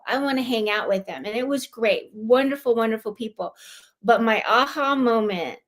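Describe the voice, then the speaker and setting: A woman from California, a guest on a live-streamed club show, telling a personal story in a heartfelt, animated way. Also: on the high side. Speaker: guest, club lieutenant governor.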